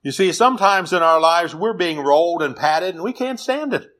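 A man preaching a sermon in an earnest, measured way. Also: fairly high pitch, lively intonation, fairly bright tone. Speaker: pastor.

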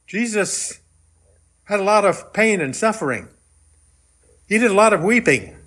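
Bright high-voiced man preaching. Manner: conversational, rising emphatic questions. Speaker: pastor. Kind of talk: sermon.

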